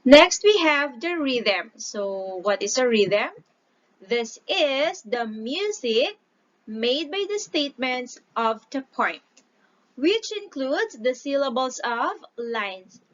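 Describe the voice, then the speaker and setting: A woman teacher giving a recorded lesson, explaining slowly and deliberately, stretching out syllables when she reads example lines aloud. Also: fairly high pitch, very animated. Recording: dull lo-fi recording.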